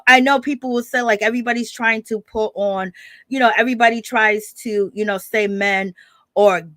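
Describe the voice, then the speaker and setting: A woman's voice: a little high, fairly bright tone, no room sound. A woman hosting a casual gossip commentary stream, chatting with viewers, greeting them by name and calling them baby. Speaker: gossip show host.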